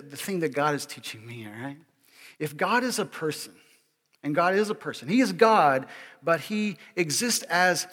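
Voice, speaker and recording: A male pastor giving a sermon in an animated, joking way, often checking in with the congregation. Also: high-pitched, big-room sound. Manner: animated and joking, keeps asking "all right?".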